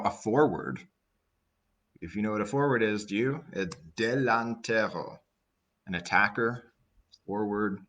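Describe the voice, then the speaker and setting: A young Canadian man with a Canadian accent, an English teacher giving a chatty, relaxed vocabulary lesson full of asides. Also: deep voice.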